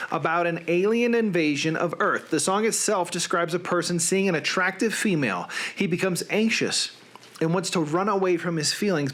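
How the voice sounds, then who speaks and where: A man's voice: on the high side, fairly bright tone. A man in his thirties hosting a casual, rambling chat from home, joking at his own expense. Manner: rambling, self-deprecating. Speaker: host.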